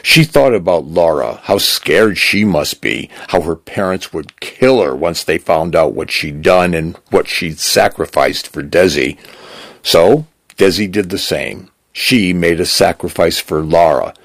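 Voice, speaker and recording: A man with a gravelly voice reading a story aloud in measured narration. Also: low voice, lively intonation, dry recording. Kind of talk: scripted narration.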